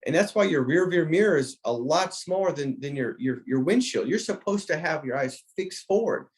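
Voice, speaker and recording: A man with a somewhat high voice delivers a motivational talk in an emphatic, preacher-like rhythm. He repeats key phrases for weight, restarts sentences often and speaks straight to his listener. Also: animated, moderate pace. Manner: frequent restarts, speaks directly to a listener by name. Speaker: insurance sales trainer.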